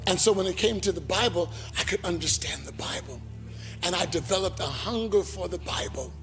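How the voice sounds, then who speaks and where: A male pastor preaching a sermon, telling lively stories and acting out voices. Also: high-pitched, fairly quick, over music. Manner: animated, acts out voices in his stories. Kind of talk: sermon storytelling.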